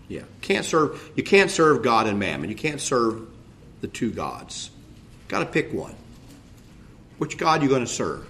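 A man's voice: medium pitch, a bit bright. A middle-aged man, preaching a conversational sermon in a folksy way with asides and jokes. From United States. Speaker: pastor.

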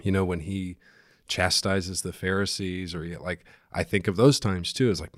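A man co-hosting a casual Bible study podcast, talking in a relaxed, hesitant way with many fillers. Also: low voice, moderate pace, dry recording, clean studio sound. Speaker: podcast co-host.

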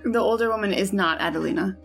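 A woman's voice: medium pitch, fast talker, gravelly, faint music behind. A woman playing a tabletop game, casually describing what her character does. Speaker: player.

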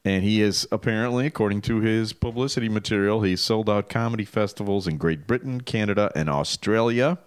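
A man co-hosting a radio talk show in casual banter, animated and laughing often as he reads items aloud. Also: on the low side, fairly quick, few pauses, clear, resonant tone, dry recording.

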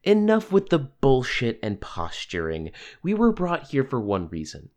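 A man reading an audiobook, voicing a brash, sharp-tongued young woman schemer who talks bluntly and mocks others. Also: medium pitch, wildly swooping pitch, voice pushed up. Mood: impatient. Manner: blunt, mocking, fast-thinking.

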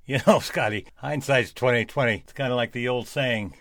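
A man's voice: medium pitch, moderate pace, a bit bright. Joking male podcast co-host. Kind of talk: casual podcast chat.

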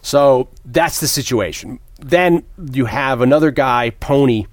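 A man's voice: mid-range voice, unhurried, no echo, studio quality. A man co-hosting a casual movie chat, rambling and profane, with many restarts. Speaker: podcast co-host.

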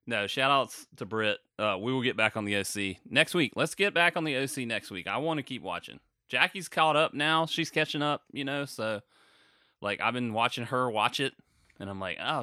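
A man talking loosely on a podcast, rambling through stories and putting himself down with a laugh. His voice is bright and forward, recorded close and dry with no room sound. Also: mid-range voice, expressive, no room sound. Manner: rambling, self-deprecating, quick to laugh. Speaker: podcast co-host. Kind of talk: casual chat.

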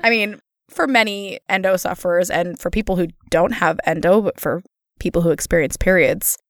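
A woman's voice: fairly low pitch, normal speed, no room sound, studio quality. A young woman co-hosting a podcast in casual chat, playful and laughing often. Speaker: podcast co-host.

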